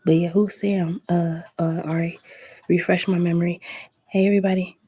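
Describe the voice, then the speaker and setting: A woman tarot reader chatting casually on a late-night live stream, talking low and soft and greeting viewers by name in a laid-back way. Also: level tone, normal speed, breathy edge, dry recording.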